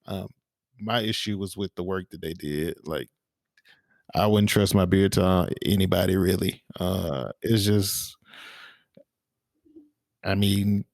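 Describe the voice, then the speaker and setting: A man's voice: sits low, steady tone, takes it slowly, gravelly, long pauses, no echo, clean studio sound. A man co-hosting a podcast, chatting casually and telling rambling stories with lots of fillers and restarts. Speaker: podcast co-host. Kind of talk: casual chat.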